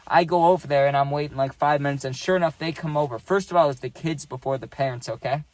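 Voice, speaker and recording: A man's voice: fairly high pitch, fast. A young man casually telling a workplace story, rambling and profane and checking in with "right?".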